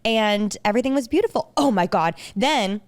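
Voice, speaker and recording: A woman co-hosting a podcast in casual chat, a hair and makeup artist telling an animated story and acting out what people said. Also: mid-range voice, moderate pace. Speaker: podcast co-host.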